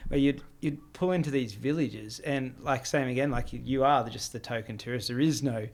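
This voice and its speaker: Relaxed rambling male podcast host. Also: mid-range voice, moderate pace. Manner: reflective, rambling, many fillers. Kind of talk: casual conversational interview.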